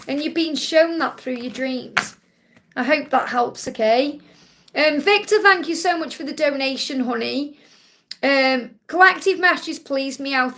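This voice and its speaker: A woman with a Stoke-on-Trent accent answers viewers' questions on a live spiritual stream. Her voice sits high and has a gravelly rasp to it. She keeps a soothing, reassuring tone and often tags her points with "okay?". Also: fairly bright tone, slight background noise. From England.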